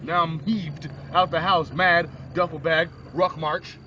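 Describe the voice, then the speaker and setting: A man's voice: on the high side, measured pace, slight background noise. A young man telling a rambling, crude shaggy-dog story with lots of asides, on a lo-fi phone recording. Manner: animated, crude, digressive.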